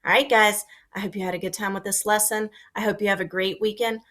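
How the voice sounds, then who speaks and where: A woman teacher giving a recorded lesson to young children, speaking slowly and clearly and acting out her example sentences with lots of expression. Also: medium pitch, fairly even intonation, fairly bright tone.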